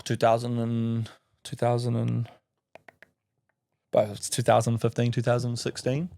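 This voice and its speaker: A man's voice: mid-range voice, completely flat delivery, unhurried, creaky, mellow. A man in his thirties with a New Zealand accent, a podcast guest telling an emotional story, swearing freely and acting out other people's voices.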